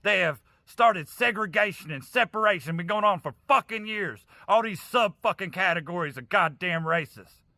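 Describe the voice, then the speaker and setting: Furious male ranter, swears constantly, sharp high voice, dry close sound. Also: animated, moderate pace, vocal fry, no room sound. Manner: heavy profanity, angry and preachy. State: angry. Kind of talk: impassioned vlog rant.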